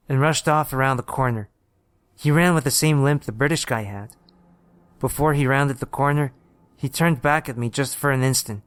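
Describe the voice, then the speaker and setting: A man narrating a first-person horror story in a steady, plain storytelling manner. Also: medium pitch, clear, resonant tone, dry recording.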